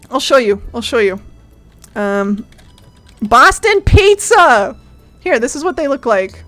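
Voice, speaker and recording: Young woman streamer, high voice, giggly and excitable, casual chat, soft music playing underneath.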